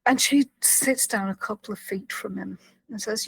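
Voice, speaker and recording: A woman co-host retells a scene beat by beat in a mid-pitched voice, adding eager asides. The recording is dry and close, with no room echo. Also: moderate pace, gravelly, husky. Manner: narrates the scene step by step, with excited commentary. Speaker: podcast co-host. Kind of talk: episode recap storytelling.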